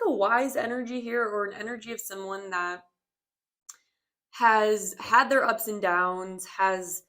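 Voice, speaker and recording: A woman's voice: mid-range voice, a bit bright. Rambling young woman giving a tarot reading. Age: 20s. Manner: rambling, reflective, many fillers and hedges. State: slightly out of breath. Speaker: tarot reader. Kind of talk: casual spoken tarot reading.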